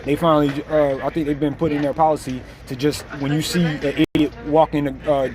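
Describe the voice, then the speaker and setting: A man's voice: on the high side, flat delivery, brisk, crowd noise. A man giving blunt, slangy, mocking reaction commentary over a video clip.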